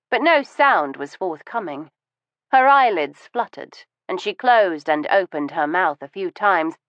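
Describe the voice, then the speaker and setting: A woman narrating a novel in first person, in a measured, even storytelling voice. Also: fairly low pitch, dry recording, muffled recording. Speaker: audiobook narrator.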